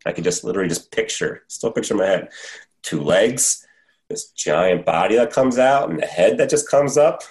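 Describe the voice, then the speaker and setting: A man who hikes, telling a story as a podcast guest in a casual, animated way, his voice jumping up at the scary parts. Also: fairly low pitch, normal speed.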